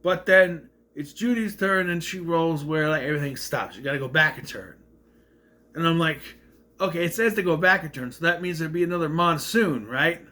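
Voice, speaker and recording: Guy rambling thru a movie recap, lively up and down voice, kinda high. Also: moderate pace. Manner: rambling, self-correcting retelling.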